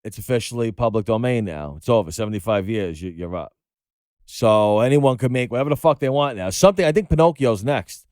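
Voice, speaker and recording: A man hosting a podcast, retelling a movie in casual chat, animated and profane as he rambles through the story. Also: lowish voice, brisk, smooth, no echo, studio quality. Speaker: podcast host.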